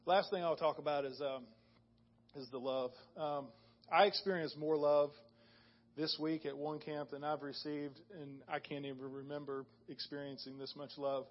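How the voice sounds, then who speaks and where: A man tells his church an earnest testimony in a slightly high voice. He talks casually, stumbling and restarting as he goes. The sound is dull and lo-fi. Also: little pitch movement. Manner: earnest, halting with restarts and ums. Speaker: church member sharing testimony. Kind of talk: casual spoken testimony to a congregation.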